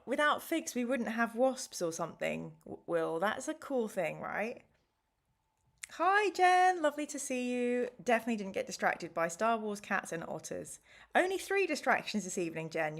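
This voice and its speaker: Chatty woman streaming a gamebook. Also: mid-range voice. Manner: chatty, reads choices aloud and talks to viewers. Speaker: streamer and host. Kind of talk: live-streamed gamebook play-through.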